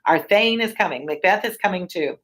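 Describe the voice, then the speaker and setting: A woman's voice: fairly low pitch, lively intonation, fairly quick, fairly bright tone. A woman reading a castle messenger's lines aloud in a plain voice. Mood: urgent. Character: breathless male castle messenger.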